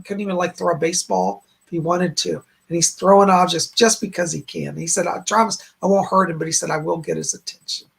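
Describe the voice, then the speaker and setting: Hosting a live-stream psychic reading, a man relays spirit messages gently and reassuringly, repeating "she said" as he goes. His voice sits high and sounds gravelly and husky.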